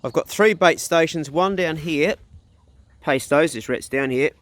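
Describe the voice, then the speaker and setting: A man's voice: measured pace, dry recording. A middle-aged man with a New Zealand accent, chatting casually to camera outdoors on a rural property. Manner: laid-back and chatty, with a higher, louder voice when talking to his dogs. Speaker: vlogger. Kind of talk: casual vlog talk to camera. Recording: guitar music playing under the voice.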